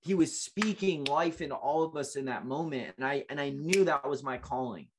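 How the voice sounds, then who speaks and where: A man's voice: on the high side, moderate pace, noisy background. Earnest man telling his life story. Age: late 20s. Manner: earnest, emotional, with frequent restarts. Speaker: guest. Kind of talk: storytelling interview.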